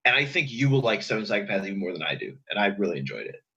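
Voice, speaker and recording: Husky, lively man on a dull mic. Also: lowish voice. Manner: hesitant, halting, restarts phrases. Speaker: podcast guest. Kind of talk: casual chat.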